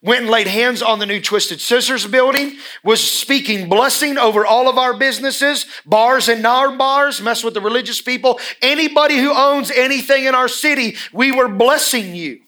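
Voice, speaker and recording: Bright, high-voiced preaching man. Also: normal speed, few pauses. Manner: emphatic preaching with repeated phrases. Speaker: pastor. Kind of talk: sermon. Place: church.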